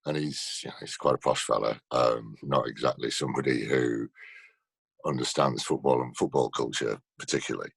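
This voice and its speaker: Very deep gravelly man. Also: moderate pace, dry recording. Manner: storytelling, laughs often. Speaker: actor guest. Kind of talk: casual interview chat. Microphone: video call.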